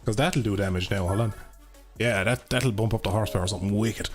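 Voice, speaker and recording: Streaming a racing game, a chatty Irish man with a lowish voice talks at a quick clip, swears a lot and calls his viewers "lads." The game's music and car engines can be heard underneath.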